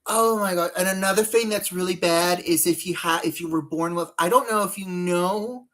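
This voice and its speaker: A woman's voice: fairly low pitch, normal speed, few pauses, a bit bright. A woman chatting casually on a live stream while doing her makeup, rambling and greeting viewers by name.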